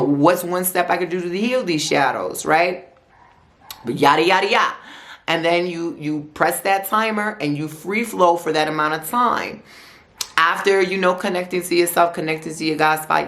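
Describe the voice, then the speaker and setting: Chatty woman tarot reader, lowish voice. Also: a bit bright. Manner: chatty, repetitive and slangy, with playful asides. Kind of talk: weekly tarot forecast monologue.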